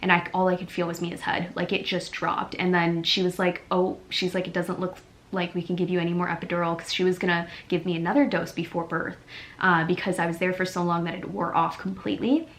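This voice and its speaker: A young woman telling a personal story in a casual vlog, chatty and animated, full of "like" fillers. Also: fairly low pitch, a little fast. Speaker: beauty vlogger.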